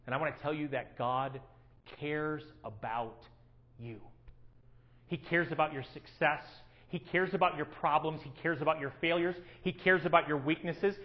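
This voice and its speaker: A man preaching a sermon, swinging from hushed, quiet lines to loud, emphatic ones. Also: on the high side, fairly even intonation, moderate pace, highs cut off.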